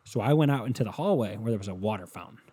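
Speaking very fast in a slightly low, husky, warm voice, a young Ohio man spins a rambling story, expressive and foul-mouthed. He pokes fun at himself and stays loose and conversational all the way through.

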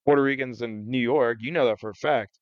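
A man co-hosting a comedy podcast, loud, crude and quick to jump from one joke to the next. His voice sits at an ordinary middle pitch. The recording is dry and a little dull. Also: no room sound. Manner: loud, rowdy and profane, jumping between jokes. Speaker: podcast co-host. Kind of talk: casual comedy podcast banter.

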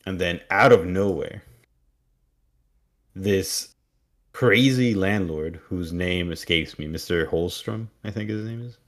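Guy with a really low voice recapping a tv episode on a podcast, jokey, does little voices for the characters. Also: takes it slowly. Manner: joking, animated retelling with quoted voices. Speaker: podcast co-host. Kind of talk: casual recap chat.

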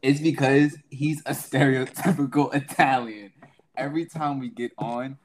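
A man's voice: mid-range voice, fairly even intonation, moderate pace, a little hiss or hum. A young man co-hosting a casual podcast, teasing his friend, laughing often and speaking straight to the listeners. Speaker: podcast co-host.

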